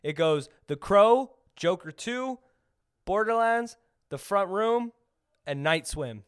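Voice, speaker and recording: A young man co-hosting a podcast, chatting casually about movies in an animated way, laughing and acting out quotes. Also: high voice, slow pace, clear, resonant tone. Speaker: podcast co-host. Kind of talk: casual movie review chat.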